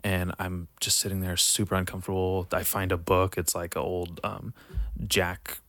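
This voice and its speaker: A young man with a very low voice tells a long, rambling story in casual chat, full of swearing and "like". The sound is dry and close, with almost no room. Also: little pitch movement, normal speed, a bit bright, no echo. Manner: rambling, profane, laid-back storytelling.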